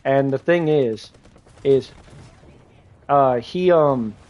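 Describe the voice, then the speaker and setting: A man's voice: mid-range voice, drawn-out words, highs cut off. A young man livestreaming a game, rambling through a casual story with lots of fillers and restarts. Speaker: gaming livestreamer.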